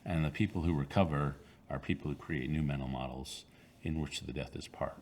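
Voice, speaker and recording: A man in his sixties, an author answering interview questions in a reflective, halting way with many fillers and restarts. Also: extremely low pitch, fairly even intonation, darkish tone, a little hiss or hum.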